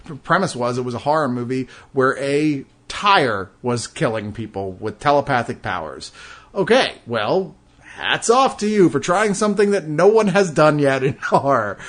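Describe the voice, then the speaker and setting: A man reviewing a film in casual chat, rambling and laughing, often swinging between hushed and excited. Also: medium pitch, normal speed.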